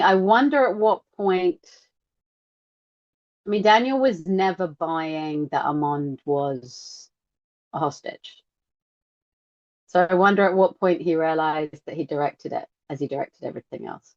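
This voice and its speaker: Animated woman podcast co-host, dull sound. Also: lowish voice, a little slow, long pauses, no echo. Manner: animated, acts out quotes in lively voices. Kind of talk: casual podcast chat.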